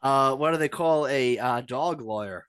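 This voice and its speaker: A man's voice: medium pitch, moderate pace, fairly bright tone, clear, resonant tone, no echo. A man appearing as a guest on a podcast, chatting casually and playfully trading puns. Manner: playful, laughing punchlines. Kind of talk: casual chat.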